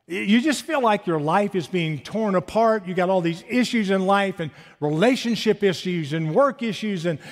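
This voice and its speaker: A man in his fifties preaching a sermon, animated, asking his listeners rhetorical questions. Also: sits high. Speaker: pastor. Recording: long hall reverb.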